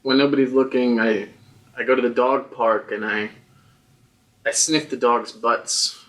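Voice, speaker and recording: A man tossing out deadpan joke punchlines during outtakes, sitting off the mic. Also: medium pitch, measured pace, far from the mic. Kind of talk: joking banter.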